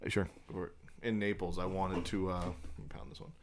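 A man's voice: deep voice, flat delivery, fairly quick, a little hiss or hum. A man co-hosting a podcast, telling a long story in casual late-night chat, swearing freely and laughing through it. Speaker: podcast co-host.

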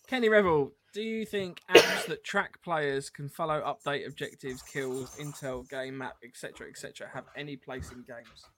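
A man's voice: fairly high pitch, moderate pace, a bit bright, a little hiss or hum. A man co-hosting a podcast, reading listener comments aloud in a casual, self-deprecating way. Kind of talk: casual chat.

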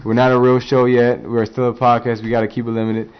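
A man's voice: medium pitch, little pitch movement, fast talker, clean tone, dull audio. A man hosting a casual sports podcast, insisting on his opinions and stumbling over his words as he argues. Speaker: podcast host.

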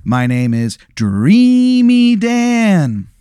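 A menacing nine-foot clown speaks slowly and creepily, as a man puts him on. The greeting is drawn out and pitched high, recorded dry and close. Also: big pitch swings, mellow, clean tone, dry recording, exaggerated voice.

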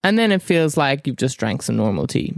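A man shares game master duties in a tabletop game, easygoing and quick to laugh. His voice sits at a middle pitch. The recording is dry and close. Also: very animated, creaky, no echo.

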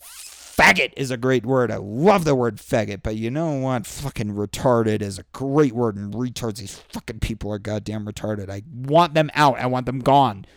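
A man's voice: moderate pace, dry recording. A man hosting a show, delivering an exasperated, profane ranting monologue and slipping into mocking impressions. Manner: exasperated, swearing, with mocking high-pitched impressions. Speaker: podcast host.

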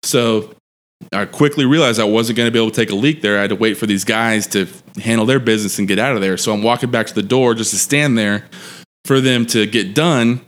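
A man's voice: fairly low pitch, fairly quick. A man in his thirties tells a long story on a podcast. He rambles and swears freely, and he breaks into laughter often. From Texas. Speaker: podcast guest. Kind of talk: casual storytelling.

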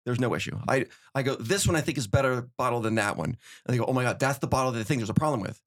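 A middle-aged man telling stories in casual conversation, animated, acting out quotes as he goes. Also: medium pitch. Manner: fast, animated storytelling with acted-out quotes. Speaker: podcast guest, winery owner.

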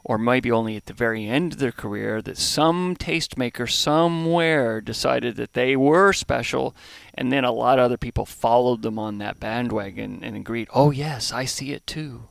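A man's voice: medium pitch, normal speed, gravelly, no echo. A middle-aged American man, a brewery founder, being interviewed on a podcast; he is thoughtful and often restarts his phrases while he searches for words. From United States. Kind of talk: reflective conversational interview. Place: home in Hawaii.

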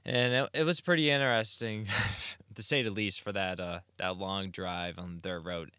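A man's voice: deep voice, steady tone, normal speed, bright, forceful tone, smooth, no echo, studio quality. A man co-hosting a podcast, recounting a trip in a laid-back, casual storytelling way. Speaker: podcast co-host. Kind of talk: casual chat.

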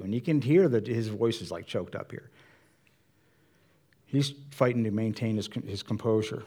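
A pastor giving a sermon in a conversational way, acting out Bible dialogue with changes of voice. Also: male voice, lowish voice, normal speed, long pauses, warm tone.

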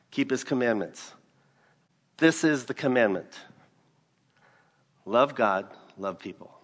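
A man delivering a sermon in an earnest, emphatic way, his voice rising into loud bursts at key points. His pitch sits in the middle range, and a long hall reverb trails behind every phrase. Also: lively intonation, takes it slowly, pauses often. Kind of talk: sermon with personal storytelling.

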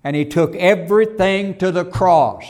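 Male preacher, slow emphatic sermon delivery, warm low-lit tone, fond "hon" asides. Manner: slow, emphatic preaching with swells and drops in volume; calls listeners "hon".

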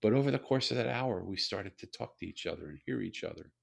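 A man speaking as a guest, telling stories in a slow, earnest, reflective way with repeated phrases. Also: on the low side, animated, vocal fry. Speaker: guest, storyteller and author. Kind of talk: reflective conversational storytelling.

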